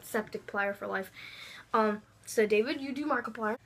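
A woman's voice: mid-range voice, moderate pace, very noisy. A woman making a casual, goofy home video, giggly and bossy with her sibling. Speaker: vlogger. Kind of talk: casual chat.

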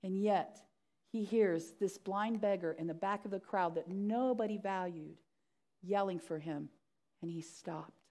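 A woman's voice: medium pitch, measured pace, darkish tone. A middle-aged woman pastor preaching a sermon, acting out the story's voices with animation.

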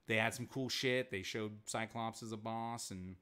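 A man streaming casual commentary, rambling and swearing often as he recaps scenes with quick voiced asides. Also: lowish voice, steady tone, pushed and bright, clear, resonant tone. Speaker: streamer reviewing comics and shows.

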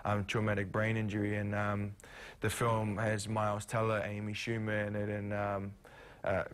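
Low, flat-voiced New Zealand man. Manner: halting, many ums and restarts. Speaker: actor guest. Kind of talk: TV morning show interview. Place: TV studio.

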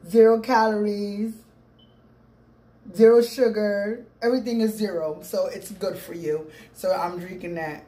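A middle-aged woman vlogger rambles casually to her viewers during a mukbang, addressing them as "people." Her voice is mid-range and warm. She records at home on a phone with a small clip-on mic, in an echoey room with a faint background hum.

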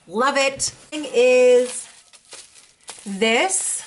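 A young woman vlogger chatting casually as she unboxes makeup, gushing and excitable. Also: sits high, very slow. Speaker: beauty vlogger.

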